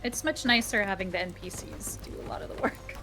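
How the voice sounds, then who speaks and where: A woman's voice: mid-range voice, lively intonation, fairly quick, over music. A woman chatting casually while gaming with friends, teasing and laughing often. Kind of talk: casual chat while playing.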